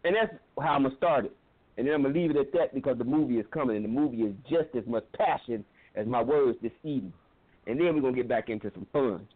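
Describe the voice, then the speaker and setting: A man's voice: mid-range voice, quick pace, breathy edge. A man giving an impassioned, preacherly talk on a talk show, telling a story and repeating phrases for emphasis. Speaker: guest, filmmaker. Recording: tinny phone-line audio.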